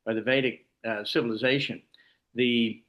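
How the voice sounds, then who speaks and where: A man's voice: medium pitch, fairly even intonation, normal speed, muffled recording. A man leading an informal scripture class, explaining at length with frequent restarts. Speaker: class leader.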